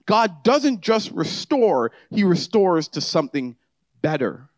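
A man preaching a conversational sermon, shifting from quiet, easygoing asides to emphatic, rising declarations. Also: sits high, big pitch swings, slow, no echo. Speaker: pastor.

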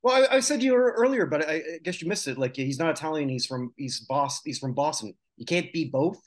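A man co-hosting a casual podcast chat, reading out lists of names with quick asides. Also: a little high, animated. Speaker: podcast co-host.

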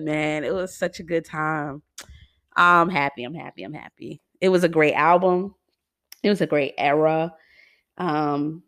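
Woman host, casual solo chat, animated and slangy, lower voice, dry close sound. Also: unhurried, no echo. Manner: animated, chatty, laughs often, slangy. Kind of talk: casual monologue.

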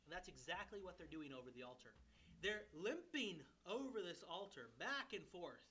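A man's voice: high-pitched, normal speed, slightly rough. A man preaching a sermon as a pastoral candidate, retelling a scripture story with humor and acted-out quotes. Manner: animated storytelling, voicing characters with humor. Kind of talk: expository sermon.

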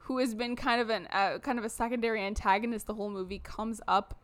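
A woman's voice: on the high side, fast talker. A woman co-hosting a podcast, recapping a movie in casual, jokey chat with some swearing. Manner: animated, swearing, jokey storytelling. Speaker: podcast co-host.

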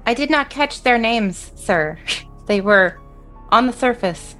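A woman's voice: a little high, animated, slow, sharp tone, faint music behind. A woman playing a tabletop role-play in character, speaking politely and deferentially. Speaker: player.

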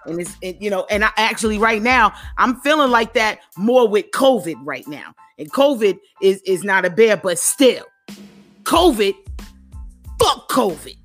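A woman hosting a comedy podcast, telling brash, profane stories in a loud, animated stand-up style. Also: mid-range voice, unhurried, soft background music. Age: adult with children. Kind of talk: stand-up style comic monologue.

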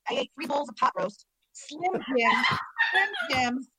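A woman with a high, bright voice tells a rambling story on a podcast, animated and quick to laugh. Her voice sounds close and dry, with no room around it. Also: no echo, low-quality recording. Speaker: podcast co-host. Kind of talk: casual chat.

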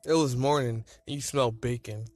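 Man, story reader, plain even delivery, mid pitch, faint music. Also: brisk, no echo. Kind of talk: reading fan fiction aloud.

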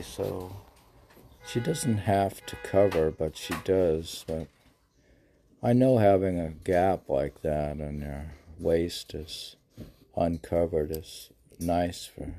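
His low-pitched voice is gravelly and dark. He hosts a podcast where he casually recites poetry, teasing himself and answering his own questions in a running back-and-forth.

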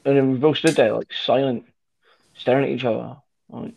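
A man's voice: medium pitch, moderate pace, creaky, long pauses, darkish tone. A man telling a rambling, sweary anecdote in casual chat with friends, full of fillers and restarts. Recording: dull lo-fi recording.

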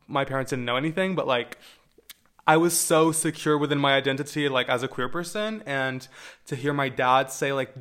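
A man's voice: mid-range voice, fairly bright tone. A young adult man telling personal stories to camera in a casual, candid way, swearing freely and adding wry asides. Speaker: vlogger.

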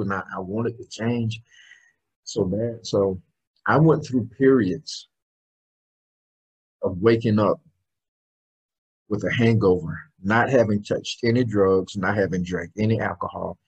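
Guest interviewee: middle-aged man, motivational speaker, very raspy voice, fairly low, earnest storyteller. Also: steady tone, a little slow, long pauses, highs cut off. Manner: emphatic, earnest storytelling with bursts of laughter.

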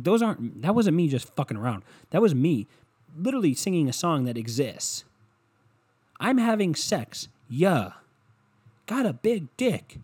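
A man's voice: medium pitch, darkish tone, husky. A man delivering a rambling, profane comedic rant that swings into mockery.

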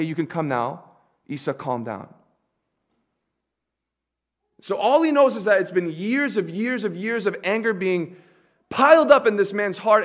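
A man with a fairly high voice preaches a sermon. He asks the congregation questions and waits for their answers. He moves from soft, low asides to loud, emphatic declarations. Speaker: pastor.

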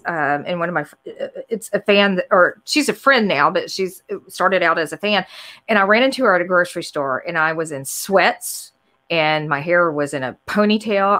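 Lively woman host, casual chat. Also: medium pitch. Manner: animated storytelling with laughs and quoted asides. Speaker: podcast host.

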